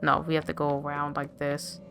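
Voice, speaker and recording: A woman commenting casually while playing a story game, reacting out loud. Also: low voice, completely flat delivery, moderate pace, gravelly, background noise. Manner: reactive, exclamatory. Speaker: let's play streamer. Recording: game music behind.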